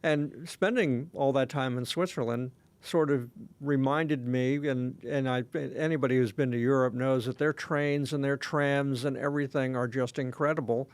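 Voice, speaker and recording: A man's voice: medium pitch, fairly even intonation, normal speed, few pauses, clear, resonant tone, dry recording. A man co-hosting a casual podcast chat, rambling along with lots of fillers and restarts. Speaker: podcast co-host.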